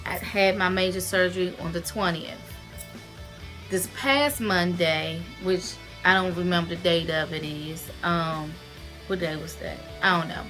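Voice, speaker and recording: A woman's voice: fairly low pitch, a little slow, soft background music. A woman vlogger earnestly recounting her surgery recovery and giving direct, heartfelt advice in a casual to-camera talk. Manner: earnest and expressive, retells events with emotion and direct advice. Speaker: vlogger sharing her weight-loss surgery experience.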